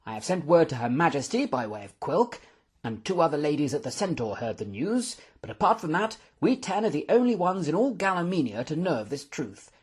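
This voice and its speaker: A gruff, commanding old lord , as an audiobook narrator puts him on speaks with firm authority. His husky voice rises and falls across a lively range as he lays out his orders. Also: a little high, fairly quick, pitched above the performer's own voice. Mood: stern. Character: stern elderly male lordship, commanding.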